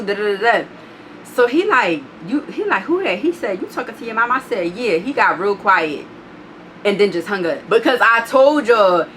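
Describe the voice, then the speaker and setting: A woman's voice: mid-range voice, bright, forceful tone, a little hiss or hum. A young woman telling a story in casual vlog style, blunt and profane, acting out the other people's lines as she quotes them.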